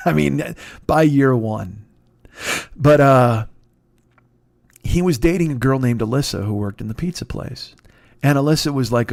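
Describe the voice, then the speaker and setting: A man's voice: mid-range voice, creaky, darkish tone, dry recording. Man in his fifties, podcast comedy storyteller, swears freely, rambles and restarts, dry close sound. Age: 50s. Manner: profane, rambling, self-mocking, with many restarts. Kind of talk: storytelling monologue.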